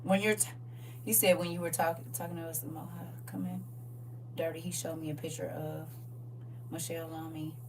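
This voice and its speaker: A woman hosting a livestream, talking in a casual, preachy, comic way, animated, laughing and teasing. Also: low voice, moderate pace, long pauses, far from the mic, noisy background. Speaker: livestream host.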